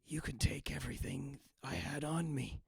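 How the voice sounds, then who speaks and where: A man voicing the breathy, whispering ghost of a wealthy merchant in a tabletop game. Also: fairly high pitch, lively intonation, moderate pace, exaggerated voice. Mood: pleading.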